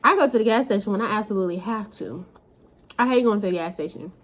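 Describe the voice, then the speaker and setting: A young woman, telling a profane, animated storytime rant to her camera at home. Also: medium pitch, quick pace. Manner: animated, profane, dramatic retellings. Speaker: vlogger.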